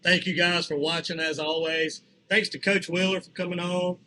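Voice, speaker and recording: A man's voice: high-pitched, flat delivery, normal speed, pushed and bright, slight background noise, low-quality recording. A man hosting a local sports talk show in a casual, chatty way, laughing often. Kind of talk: casual chat.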